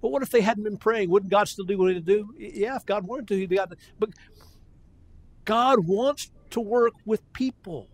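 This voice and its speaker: A man's voice: high-pitched, moderate pace. An older man preaching a sermon in a folksy, conversational way, often restarting his sentences.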